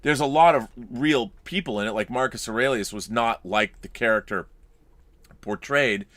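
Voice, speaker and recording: A man's voice: medium pitch, normal speed, a bit bright, dry recording. A man co-hosting a casual podcast, chatting about a film and reading out viewer comments and letters, with frequent restarts. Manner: rambling, restarts, reads letters aloud. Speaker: podcast co-host.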